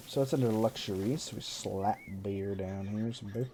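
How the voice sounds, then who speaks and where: A man's voice: lowish voice, fairly even intonation, normal speed, hardly any pauses, warm tone, slight background noise. A man streaming a game live, chatting casually in a sarcastic, self-mocking running commentary as he plays. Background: faint game music.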